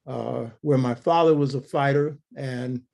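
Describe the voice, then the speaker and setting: A man's voice: mid-range voice, steady tone, a little slow, creaky, a little mellow. An older man telling a family story in an interview, blunt and earthy, acting out the quoted dialogue.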